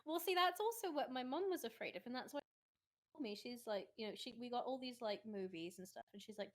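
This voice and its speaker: English woman, podcast host, chatty, laughs easily, fairly high voice. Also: animated, a little fast. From England. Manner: chatty, bursts into loud giggly laughter. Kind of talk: casual podcast chat.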